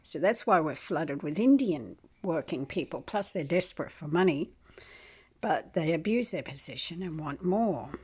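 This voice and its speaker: A woman in her sixties, rambling through a complaint to the camera and clearing her throat often. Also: low voice, lively intonation, moderate pace, darkish tone. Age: 60s.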